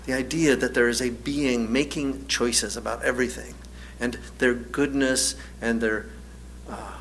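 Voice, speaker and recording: Wry male preacher, bright and forceful, slightly high pitch, faint hum behind. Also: steady tone, unhurried. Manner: storytelling, wry, laughs often. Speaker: minister. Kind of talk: sermon.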